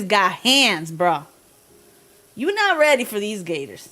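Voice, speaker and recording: A woman livestreamer chatting casually with her viewers, talkative, slangy and quick to laugh. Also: mid-range voice, very animated, bright, forceful tone.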